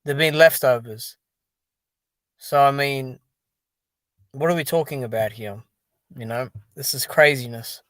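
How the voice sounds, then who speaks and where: A man's voice: mid-range voice, a little slow, pauses often, a bit bright, no room sound. A man hosting a casual solo commentary on boxing and MMA, talking to his viewers in an exasperated, dismissive way and leaning on fillers like "dude" and "man". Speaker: boxing commentary channel host.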